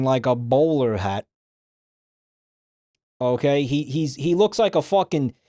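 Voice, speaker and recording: A man's voice: mid-range voice, mellow, no room sound. Profane joking male streamer. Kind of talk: casual live-stream chat.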